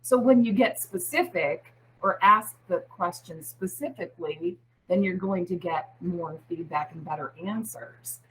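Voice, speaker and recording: A woman who heads a school, explaining clearly and giving advice to parents as an interview guest. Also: fairly low pitch, measured pace, few pauses, a bit bright, low-quality recording. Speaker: school head.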